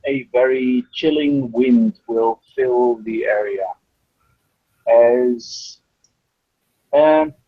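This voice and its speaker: A man player in a tabletop role-playing game, describing his character's entrance in a slow, halting way. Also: mid-range voice, steady tone, dry recording, highs cut off.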